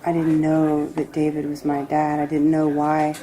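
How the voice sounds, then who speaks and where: A woman giving a personal tarot reading, reflective and emotional, rambling with pauses. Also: deep voice, completely flat delivery, dark tone, rough recording. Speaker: tarot reader.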